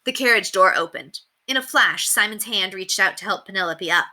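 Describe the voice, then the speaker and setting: A woman teacher reading a chapter book aloud with expressive storytelling. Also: mid-range voice, brisk.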